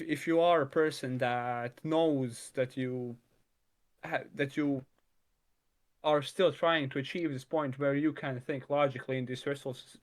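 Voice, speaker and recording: A man in an easygoing chat, thinking out loud as he goes. He circles back on himself, stacking fillers and false starts, and drops the odd curse without a second thought. His pitch sits right in the middle of the usual male range. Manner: rambling, many restarts and "like" fillers, swears casually. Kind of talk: casual conversation.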